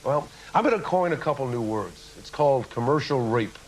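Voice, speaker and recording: A man's voice: medium pitch, animated, a little fast, slight background noise, poor audio. A man giving an impassioned, lecturing speech as a guest on a television talk show, full of rhetorical questions. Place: TV studio with audience.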